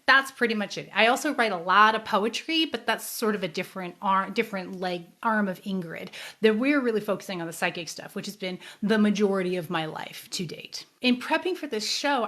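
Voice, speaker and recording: Earnest woman host telling her story. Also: medium pitch. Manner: earnest and emotional, with soft dips when recalling sad memories. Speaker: psychic medium and show host. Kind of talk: casual personal storytelling to a live audience.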